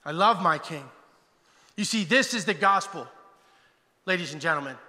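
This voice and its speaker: A man preaching a passionate guest sermon, swinging between loud exclamations and hushed, intense passages. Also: a little high, animated, moderate pace, in a large hall.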